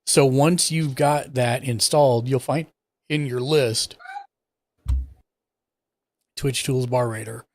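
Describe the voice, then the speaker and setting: A young man talks a guest through software settings in a relaxed, easygoing way. His voice sits at an ordinary middle pitch. He thinks aloud and backtracks as he hunts for a button. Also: slow, long pauses, no echo. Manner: relaxed, explains step by step while clicking around. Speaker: streaming tech support host. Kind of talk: casual live-stream tech walkthrough.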